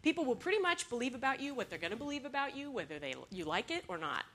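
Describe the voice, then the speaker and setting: A woman giving a talk to an audience, telling stories in an animated way, laughing now and then and acting out the lines she quotes. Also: sits high, quick pace.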